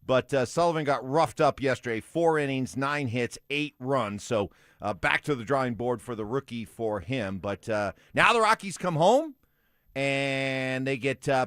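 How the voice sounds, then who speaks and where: A man's voice: medium pitch, normal speed, dry recording, studio quality. A man hosting a morning sports radio show, reading game results and chatting with co-hosts. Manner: animated, reads sports news updates. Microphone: studio microphone.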